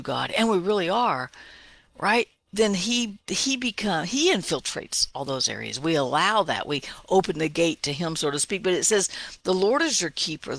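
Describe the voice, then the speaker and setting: Woman, middle-aged, bright gravelly voice, chatty devotional teaching, dry close sound. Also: fairly low pitch, no room sound. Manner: conversational, often asks "right?", slows and drops to near-whisper for emphasis. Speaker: Bible teacher.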